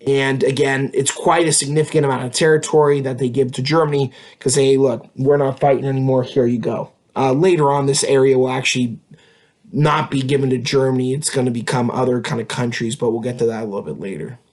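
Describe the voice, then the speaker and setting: A man's voice: medium pitch, steady tone, fast talker. A man teaching a history lesson in a casual, conversational way, with frequent fillers and tag questions. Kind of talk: casual classroom lecture.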